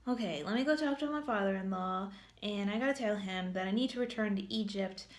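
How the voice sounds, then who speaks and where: A woman's voice: mid-range voice, a little fast, reverberant, lightly acted. A woman voicing a reluctant, anxious biblical man in casual modern slang, hesitant and self-doubting. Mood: resigned.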